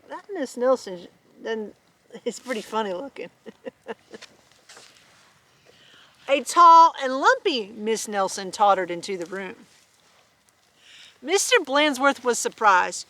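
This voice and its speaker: A woman reading a children's storybook aloud, animated and chuckling with asides. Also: on the high side, slow pace, long pauses. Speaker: storybook reader.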